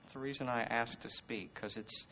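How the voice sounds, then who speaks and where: A man with a Southern US accent preaching a conversational sermon, swinging between loud emphasis and hushed words. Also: medium pitch, fairly even intonation, moderate pace, slight background noise. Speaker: guest speaker. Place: church service. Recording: muffled reverberant hall recording.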